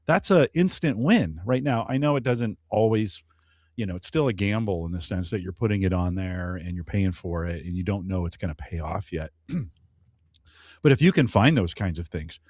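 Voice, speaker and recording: A man's voice: low-pitched, expressive, normal speed, darkish tone, no echo, clean studio sound. A middle-aged man co-hosting a podcast, breaking in to explain a point at length. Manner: explanatory, jumps in to make a point. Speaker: podcast co-host. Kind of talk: casual podcast chat.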